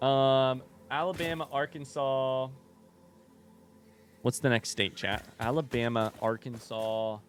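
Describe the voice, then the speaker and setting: Young male streamer from the US, mid pitch, rambling and self-deprecating, talks to chat while gaming. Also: fairly even intonation, takes it slowly, a little hiss or hum. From United States. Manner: rambling, distracted, self-deprecating, thinks out loud.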